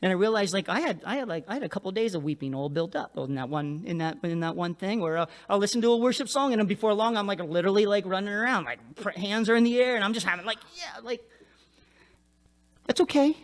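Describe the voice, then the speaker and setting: Brief: male pastor, higher voice, lively conversational sermon delivery, keeps asking "right?". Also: fast talker. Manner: animated, conversational preaching with frequent "right?".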